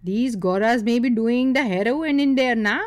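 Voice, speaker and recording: A man's voice: extremely high pitch, normal speed, no echo, pitched above the performer's own voice. A woman voicing a nosy young man who whispers gossip. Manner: hushed, gossipy.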